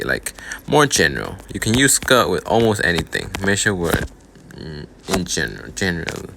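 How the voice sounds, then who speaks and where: A man's voice: low voice, gravelly, noisy background. A man teaching a casual online language lesson, patiently repeating words and counting strokes aloud.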